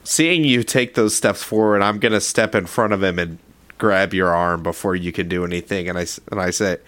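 A man playing a tabletop role-playing game, speaking calmly and firmly as a captain character. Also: low-pitched, dry recording. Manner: calm, firm, measured. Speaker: player.

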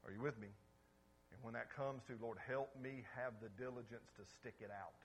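A man's voice: mid-range voice, normal speed, slight background noise. A man preaching a sermon as pastor, emphatic and often checking in with his listeners. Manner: emphatic, asks the congregation questions.

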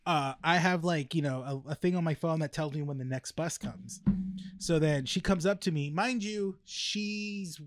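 Socal guy rambling through a story, bit high voice, dry sound, lots of restarts. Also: moderate pace, no echo. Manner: rambling with frequent restarts and laughs. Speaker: podcast co-host. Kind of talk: casual storytelling chat.

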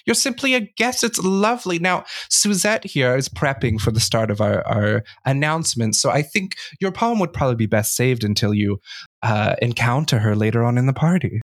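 A man's voice: lively intonation, normal speed, close to an everyday voice. A man voicing an elegant, commanding noblewoman hosting a party, polite on the surface with a threat beneath. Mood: haughty. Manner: sweet but menacing, high-pitched.

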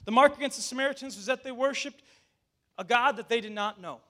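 A man's voice: very high voice, quick pace. A male pastor delivering a sermon. He talks to the congregation directly and mixes scripture with chatty asides and restarts. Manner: animated, addresses the congregation directly.

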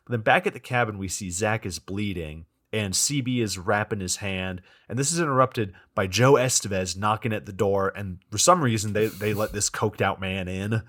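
With few pauses and at normal speed, a man with a fairly low, somewhat bright voice recaps a poor movie for his podcast. As co-host he tells it as a story, cursing freely and acting out the characters' lines.

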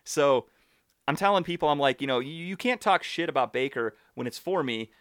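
A man talks football in loose, profane rants, animated and blunt. His voice sits at an ordinary pitch. It is recorded close and dry, with no room sound. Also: brisk, no echo. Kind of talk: casual sports chat.

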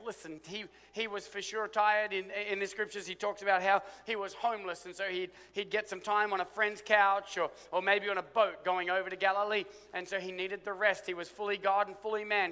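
Man, pastor preaching, high voice, swings from loud to hushed, long hall echo. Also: smooth. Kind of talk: sermon.

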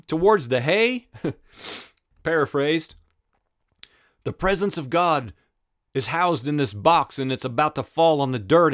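A man preaching an impassioned sermon, fervent and emphatic, swinging between urgent and hushed. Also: on the high side.

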